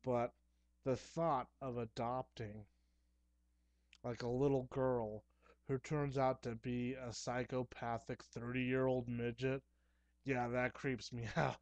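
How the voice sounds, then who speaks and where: A young man talking casually to camera at home, chatty and excitable, with playful asides. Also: medium pitch, slow, no room sound. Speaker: horror movie vlogger. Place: dim room at home.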